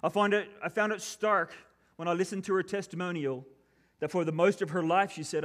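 A pastor delivering a sermon, reading scripture and then preaching in an earnest, measured way. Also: male voice, high voice, steady tone, fairly bright tone.

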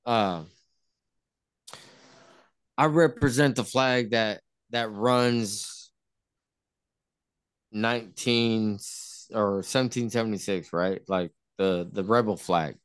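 A man's voice: fairly low pitch, slow, pauses often, clean tone, no room sound. A man in casual podcast chat, often restarting his sentences while he searches for words.

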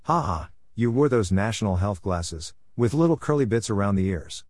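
Man doing a brash bully guy voice, mocking and loud-ish, dry. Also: fairly low pitch, lively intonation, moderate pace, dry recording. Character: cocky rough middle-aged male ex-bully.

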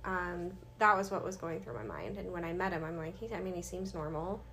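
On a casual podcast interview, a woman in her thirties recounts her life, her voice on the low side and her delivery brisk. Slight background noise is audible. She's lively, reenacting dialogue from her past.

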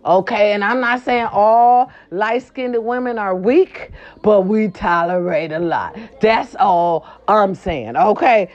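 A woman runs a gossip chat, sassy and animated, leaning on her catchphrases. Her throat is sore. The recording sounds slightly dull and lo-fi. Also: medium pitch, slow pace. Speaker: gossip vlog host. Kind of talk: casual celebrity gossip chat.

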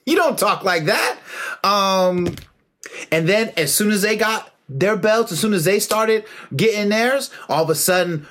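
A man's voice: high voice, expressive, unhurried, a bit bright. A man giving an impassioned, preachy monologue about martial arts, emphatic and full of slang.

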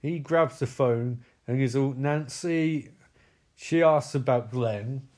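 A man's voice: medium pitch, measured pace, a little mellow. A man giving a comedic film recap, sarcastic, incredulous and full of swearing. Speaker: movie recap commentator.

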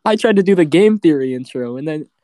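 A man's voice: a little high, lively intonation, quick pace, dark tone, no echo. A man co-hosting a casual podcast, reacting with laughing disbelief. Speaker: podcast co-host. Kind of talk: casual chat.

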